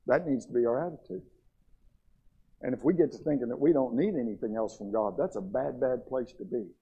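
A man's voice: mid-range voice, brisk, warm tone, slightly rough, lo-fi sound. A middle-aged man preaching a sermon in a church, impassioned, with stammered restarts as he builds. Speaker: pastor.

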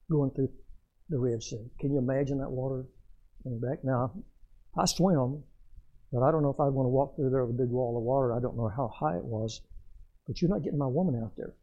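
An older man, a pastor, preaching a folksy, storytelling sermon that swells loud and then drops soft. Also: medium pitch, husky, dull audio.

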